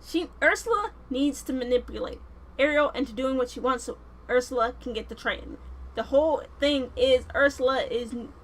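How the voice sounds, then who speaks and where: A woman vlogger giving casual, animated, slangy film commentary. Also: high voice, moderate pace, rough recording.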